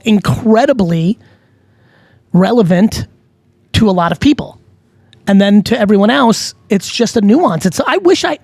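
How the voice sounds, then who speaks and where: A middle-aged man, hosting a casual advice talk in a blunt, animated, profane way. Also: sits high, vocal fry, no room sound. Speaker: host.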